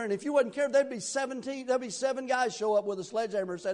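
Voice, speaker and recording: A man's voice: very high-pitched, quick pace, hardly any pauses. A man preaching a sermon in a conversational, folksy way, asking his listeners rhetorical questions.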